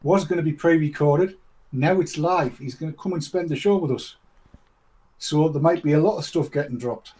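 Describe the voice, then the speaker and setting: A man's voice: on the high side, moderate pace, warm tone, poor audio. A man, co-hosting a casual studio chat and joking with the others. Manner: jokey, banters. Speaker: show co-host.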